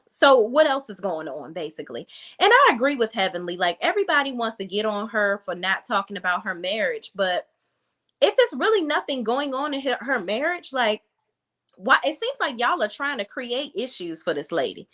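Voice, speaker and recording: A woman's voice: mid-range voice, very animated, brisk, bright, forceful tone. A woman hosting a reality TV review, recapping an episode in blunt, sassy casual commentary. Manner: blunt, sassy, talks straight to viewers.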